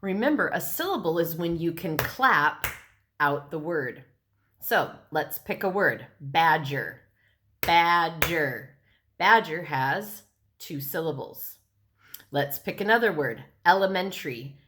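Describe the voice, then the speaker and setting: Middle-aged woman teaching young kids on video; unhurried, a touch low, patient and clear. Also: lively intonation, a bit bright, slight background noise. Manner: patient, slow and clear, clapping out syllables. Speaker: elementary school teacher. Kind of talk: recorded classroom lesson.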